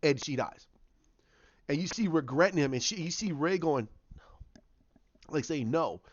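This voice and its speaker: Rambling, halting man with a higher voice. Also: lively intonation, no room sound, lo-fi sound. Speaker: YouTuber. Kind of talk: casual spoken retelling.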